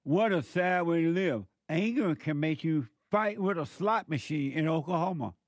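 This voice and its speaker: A man's voice: fairly high pitch, normal speed, dry recording. A man delivering a preaching monologue, emphatic and repetitive, full of rhetorical questions.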